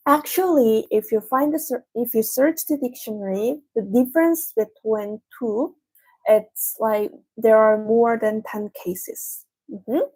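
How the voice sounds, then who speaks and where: A woman teaching a language lesson, patiently explaining and repeating examples slowly. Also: on the high side, a little mellow, slightly rough.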